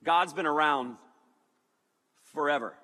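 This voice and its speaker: Casting: upbeat male pastor, high and bright, joking to the congregation, big hall reverb. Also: slow pace. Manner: energetic and joking, with playful asides. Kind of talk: sermon.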